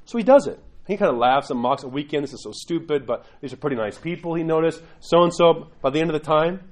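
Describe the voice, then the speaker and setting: A middle-aged man giving a lively, conversational church talk, acting out quotes in different voices. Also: fairly high pitch, fast talker, rough recording. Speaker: church teacher. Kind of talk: sermon-style class talk.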